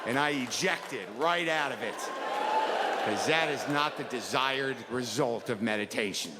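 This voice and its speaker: A man's voice: mid-range voice, a little slow. A middle-aged man doing a rambling, self-deprecating stand-up set before a live audience. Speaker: stand-up comedian. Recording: live hall recording with reverb and crowd noise.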